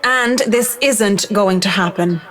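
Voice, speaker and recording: A man's voice: sits high, slow pace, pushed and bright, soft background music, voice pushed up, heavily acted. A man voicing a tired young woman who speaks frankly. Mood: weary. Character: weary young woman, blunt and tipsy.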